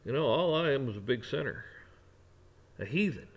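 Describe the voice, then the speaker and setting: A man's voice: medium pitch, animated, normal speed, slightly rough. Brief: male vlogger, preachy rambling rant, ordinary mid-range voice.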